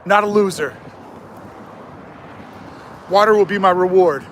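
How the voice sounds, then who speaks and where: A man's voice: high voice, a little slow. A man live-streaming a walk on a desert sidewalk, talking into a handheld phone in a joking, self-mocking, mock-motivational way. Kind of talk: live-streamed walking vlog. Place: outdoors on a desert sidewalk, walking. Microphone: phone held in hand. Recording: wind and traffic noise outdoors.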